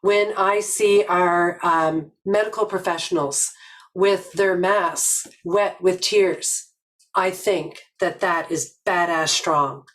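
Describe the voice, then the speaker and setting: An older woman from Nova Scotia giving a reflective webinar talk, telling stories slowly and earnestly with many pauses. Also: fairly low pitch, steady tone, a bit bright, low-quality recording. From Nova Scotia, Canada. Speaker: webinar presenter.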